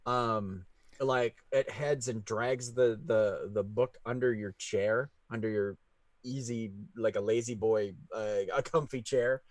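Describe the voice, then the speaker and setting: A man narrating as game master, talking haltingly with many fillers and laughing easily, over a video call. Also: lowish voice, steady tone, no room sound.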